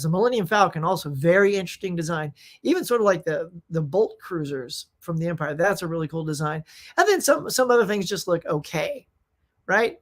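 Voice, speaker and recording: A woman hosting a casual live-stream show, reading out viewer comments and answering them in an excitable, rambling, slangy way. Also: on the low side. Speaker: host of a live movie chat show.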